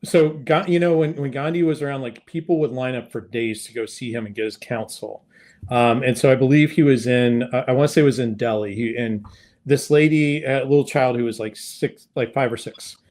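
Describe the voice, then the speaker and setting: A sales consultant appears as a guest on an interview podcast, casually telling a story with many fillers and restarts. His voice is medium-pitched, fairly quick and a little mellow.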